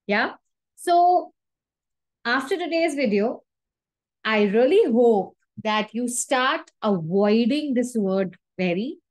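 A woman teaching English vocabulary to camera, animated, repeating each example phrase with emphasis and checking in with "okay?" often. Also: on the high side, no echo. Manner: frequent checking "okay?" and "yeah?". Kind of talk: video lesson to camera.

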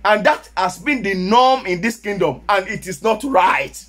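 A man with a Nigerian Yoruba accent, preaching a sermon as pastor, sometimes rising to shouts. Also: high-pitched, moderate pace.

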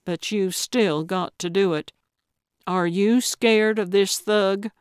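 Feisty elderly lady sleuth as voiced by a woman, blunt, coaxing, slow, dry close sound. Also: medium pitch, fairly even intonation, smooth, no echo, natural voice.

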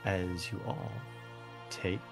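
A man's voice: deep voice, little pitch movement, slow pace, vocal fry, music in the background. A man narrating a tabletop game as game master, casual, with lots of fillers and laughter.

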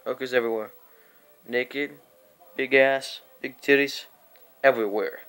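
A man's voice: mid-range voice, steady tone, a little slow, fairly bright tone, clear, resonant tone. A young man telling a rambling, profane storytime vlog, acting out quotes and sometimes dropping into a whisper. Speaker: vlogger.

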